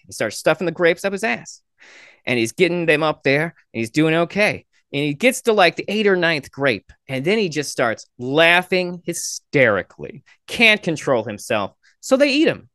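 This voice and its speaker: A man's voice: a little high, very animated, moderate pace, fairly bright tone, no room sound, clean studio sound. A man hosting a podcast, chatting with strangers on a video call and telling jokes with lots of fillers. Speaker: podcast host. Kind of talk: casual video chat with strangers.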